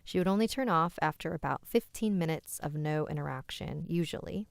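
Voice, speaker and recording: A woman's voice: low voice, expressive, brisk, creaky, no room sound. A woman hosting a live stream, reading listener-submitted scary stories aloud with chatty asides.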